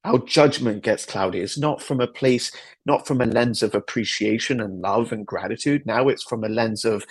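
Gravelly-voiced man telling a personal story. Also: mid-range voice, moderate pace. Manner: earnest, reflective storytelling with repetition. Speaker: podcast host. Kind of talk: personal story, motivational talk.

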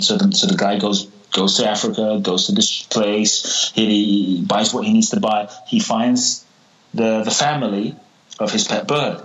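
A man telling a parable in a podcast interview, animated and repeating words as he acts out the characters. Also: lowish voice, lo-fi sound. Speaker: guest, spiritual teacher.

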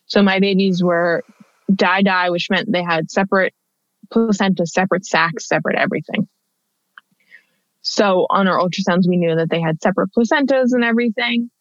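A woman's voice: mid-range voice, no room sound. A woman in her thirties, a guest on an interview, telling a personal story in a conversational way with lots of fillers and restarts. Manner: chatty, with many fillers and restarts. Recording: dull, dry lo-fi audio.

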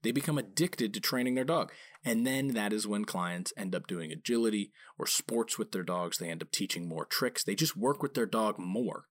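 Emphatic low-voiced man explaining dog training. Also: expressive, moderate pace. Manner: emphatic, repeats key phrases for stress; acts out quoted voices with big pitch jumps. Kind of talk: informal explanatory talk.

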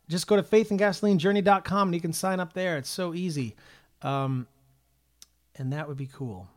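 A man hosting a weekly worship livestream, talking in a casual, upbeat way with plenty of ums and uhs. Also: a little high.

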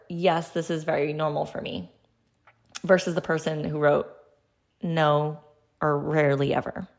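Woman in her 30s just chatting on her podcast, bit lower voice, lots of "like", little laughs here and there. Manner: chatty, conversational, frequent "like"; laughs lightly while talking. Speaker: podcast host. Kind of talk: casual solo podcast talk.

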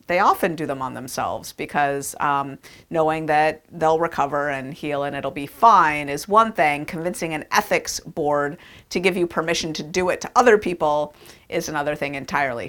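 A woman with a fairly low voice tells a science story to listeners. She talks in a conversational, emphatic way, leaning on words and dropping fillers as she goes. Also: fairly bright tone. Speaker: speaker. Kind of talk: storytelling talk.

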